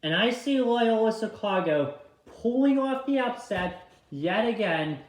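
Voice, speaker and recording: A young man with a fairly high voice talks through his bracket picks in a casual, chatty way. He moves quickly from game to game and keeps apologizing for tapping the wrong teams. The room around him sounds echoey. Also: animated. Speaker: vlogger filling out a tournament bracket. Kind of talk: casual bracket-pick commentary.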